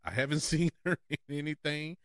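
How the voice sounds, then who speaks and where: A man's voice: on the high side, normal speed, a bit bright, no echo, studio quality. A man hosting a casual movie preview show, chatty and often laughing. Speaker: podcast host.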